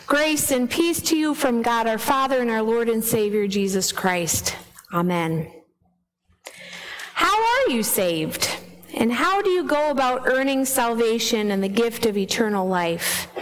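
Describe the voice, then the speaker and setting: Woman preacher, somewhat high voice, sermon with a story, long church reverb. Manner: storytelling, asks the congregation questions. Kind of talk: gospel reading and sermon.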